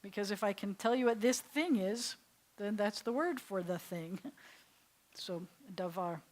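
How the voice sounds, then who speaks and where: A woman's voice: mid-range voice, lively intonation, a little slow. An older woman rabbi with a New York accent, teaching a Hebrew class in a chatty, digressive way, laughing easily. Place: synagogue classroom.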